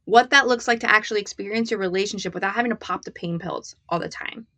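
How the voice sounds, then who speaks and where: Bright-voiced woman co-hosting. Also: medium pitch, fast talker, no room sound. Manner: animated storyteller, laughs often. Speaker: co-host. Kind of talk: casual morning chat with husband. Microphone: live stream mic.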